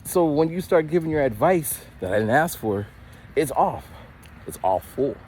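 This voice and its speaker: Animated, rambling man in his forties. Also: on the high side, normal speed, slight background noise. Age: 40s. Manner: animated, rambling, with frequent stammered restarts. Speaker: vlogger. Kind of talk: casual storytelling while walking. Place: outdoors, walking.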